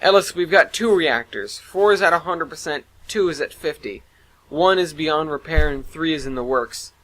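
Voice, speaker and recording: A man's voice: a little high, normal speed, a bit bright, voice pushed up, lightly acted, poor audio. A man voicing a frank female engineering officer giving a damage report. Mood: matter-of-fact. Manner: matter-of-fact report.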